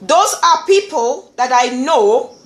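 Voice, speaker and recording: A woman from Nigeria with a Nigerian accent, talking in an animated vlog monologue and often repeating words. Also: high voice, slow, echoey room. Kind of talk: casual monologue.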